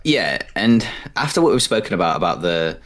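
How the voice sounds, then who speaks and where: In a low-pitched, fairly quick voice, a man co-hosting a podcast relives film moments with animation, voicing the characters' lines in easygoing chat.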